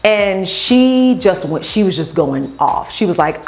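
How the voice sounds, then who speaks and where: A woman who owns a beauty company tells customer stories in an animated way and acts out the voices of the people in them. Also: medium pitch, a little slow, soft background music. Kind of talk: storytelling vlog.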